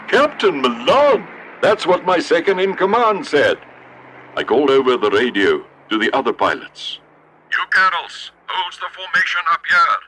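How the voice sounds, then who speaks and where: A man's voice: mid-range voice, sharp tone, husky, voice pushed up, full character voice. A man playing a boastful war-hero fighter pilot in a comedy sketch, telling his story in a hammy way.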